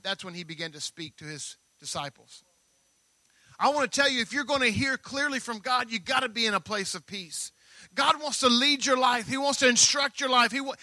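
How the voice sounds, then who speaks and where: A male pastor preaches in a high, bright, sharp voice, emphatic and relying on repeated phrases. The sound is close and dry, with no room sound.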